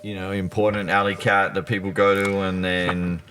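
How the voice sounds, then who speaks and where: A man's voice: deep voice, flat delivery, normal speed, crowd noise. A man with an Australian accent chatting casually on a podcast as a guest, rambling with many fillers as he explains things. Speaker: former bike messenger guest.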